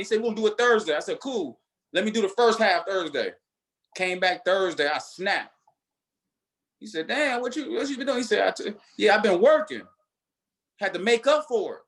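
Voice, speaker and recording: High-voiced man giving a fired-up pep talk. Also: brisk. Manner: energetic preacher-like delivery, emphatic repetition. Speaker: network marketing leader. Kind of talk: motivational talk.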